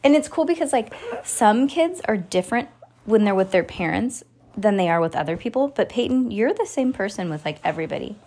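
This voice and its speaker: A woman's voice: mid-range voice, expressive, fairly quick, a little mellow. A woman in her thirties, a mother hosting a podcast, chatting with her child and reading a children's book aloud in a giggly, talkative way.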